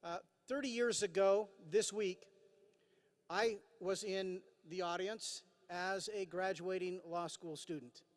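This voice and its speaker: A high-voiced man in his fifties delivers a formal commencement address at a podium mic. He sounds earnest, with frequent "uh" fillers and dry self-deprecating humor. His voice rings out with a long reverb in a large hall. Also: fairly even intonation, slow. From Idaho, USA. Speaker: commencement speaker. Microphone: podium microphone.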